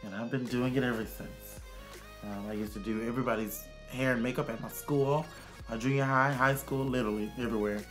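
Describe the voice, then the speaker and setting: A man's voice: mid-range voice, fairly even intonation, brisk, faint music behind. A man, a makeup artist giving a sassy, chatty casual makeup tutorial. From Arkansas, USA. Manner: sassy and chatty, calls viewers honey and child.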